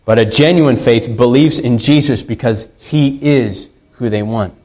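A man's voice: mid-range voice, measured pace, darkish tone, low-quality recording. A man preaching a sermon in an earnest way, repeating key phrases for emphasis. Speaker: pastor.

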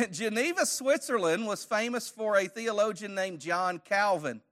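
A man's voice: high voice, measured pace, fairly bright tone. A man teaching a church Bible study lesson, conversational, quizzing his audience with questions and joking lightly.

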